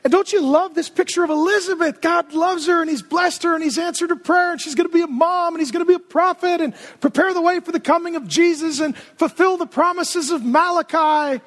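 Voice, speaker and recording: A male pastor preaching a sermon in an animated, humorous, conversational way. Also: extremely high pitch, brisk, few pauses.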